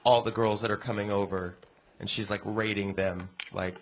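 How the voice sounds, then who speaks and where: A man on a panel at a live comedy show, excitedly pitching joke ideas to a comic. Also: normal speed, a little hiss or hum.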